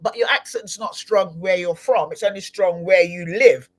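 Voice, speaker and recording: A woman hosting a live-streamed podcast interview, talking in an animated, exclamatory way with frequent laughter. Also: lowish voice, moderate pace. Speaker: podcast host.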